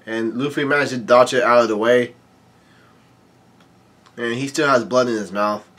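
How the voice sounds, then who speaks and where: Man, casual manga commentary, halting speech with many fillers and restarts, mid pitch. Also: fairly even intonation, a bit bright. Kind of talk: casual read-aloud commentary.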